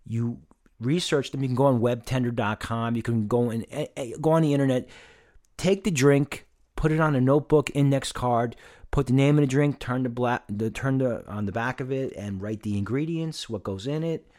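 A man teaching bartending on a casual podcast, listing drinks slowly and plainly. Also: medium pitch, darkish tone. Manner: plain, instructive, lists things slowly. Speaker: bartending instructor.

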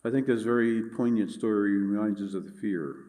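Low-voiced man preaching a sermon. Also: steady tone, warm tone. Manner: measured, earnest preaching with scripture reading. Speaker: pastor.

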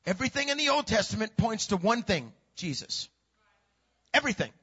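Male preacher, high and bright, husky edge, hushed-to-shouting delivery, dull lo-fi recording. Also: very animated, brisk. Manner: swings from hushed to shouting, repeats words. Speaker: pastor. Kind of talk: sermon.

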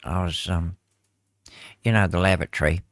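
A New man chats as a radio co-host in a very deep voice. He tells stories in a meandering way, full of restarts. The sound is dry and close. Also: fairly even intonation, no echo. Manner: meandering storyteller, halting starts. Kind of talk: casual radio banter.

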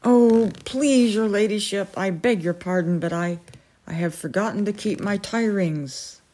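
A woman's voice: mid-range voice, a little slow, dark tone, pitched above the performer's own voice, close to an everyday voice. A woman voicing a timid, tearful male sparrowhawk priest, faltering and pleading.

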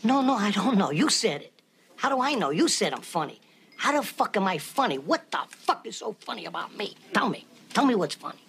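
An actor playing a volatile, short-tempered mobster who talks in a brash, profane way. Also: male voice, high voice, big pitch swings, fairly quick, gravelly, fairly bright tone, exaggerated voice. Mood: menacing. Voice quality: brash, profane, menacing mock-offense. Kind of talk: film dialogue. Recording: noisy film audio.

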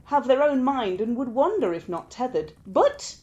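A woman voicing a sly, mischievous male trickster god in a told myth, playful and squeaky when straining. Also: big pitch swings, normal speed, darkish tone, lo-fi sound.

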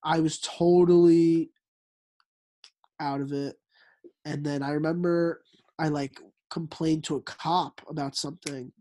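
A man's voice: fairly high pitch, little pitch movement, measured pace, pauses often, dark tone. A young man telling a story in casual chat, rambling with lots of fillers. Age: young adult. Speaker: storyteller friend.

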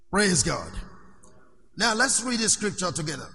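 A male preacher with a high, very bright and ringing voice. He keeps asking his congregation questions and prompting them to answer. His voice carries a long reverb from a church hall. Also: creaky. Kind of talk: sermon.

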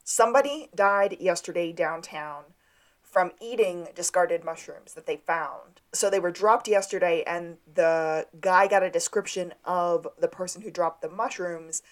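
A woman co-hosting a podcast, chatting casually as she recaps an episode and laughs along. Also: fairly low pitch. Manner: chatty, quick to laugh, acts out quotes. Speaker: podcast co-host.

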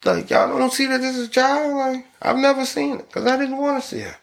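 A man, hosting a podcast in profane, rambling casual chat that breaks into loud excited laughter. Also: extremely high pitch, fairly quick, vocal fry. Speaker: podcast host.

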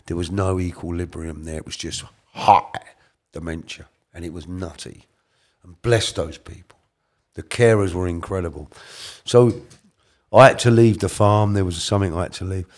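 A middle-aged man tells a personal story in a colloquial, earnest way, moving between soft asides and emphatic bursts. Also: sits low, moderate pace.

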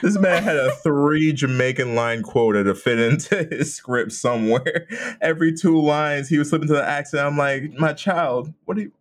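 A man's voice: on the high side, normal speed. A man co-hosting a casual movie review chat, wry and laid-back, joking about the film.

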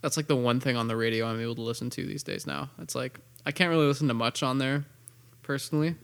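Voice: mid-range voice, quick pace, gravelly, a bit bright. A young adult in a casual chat, laid-back and slangy.

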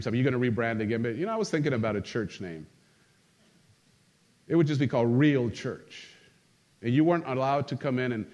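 A middle-aged man preaching a sermon as pastor, animated and joking, calling out to his congregation. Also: medium pitch. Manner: animated, humorous, calls on the congregation. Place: church sanctuary.

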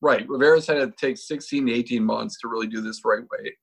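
A man's voice: medium pitch, fairly quick, vocal fry, breathy edge. A man co-hosting casual sports radio, blunt, crude and opinionated. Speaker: sports talk co-host.

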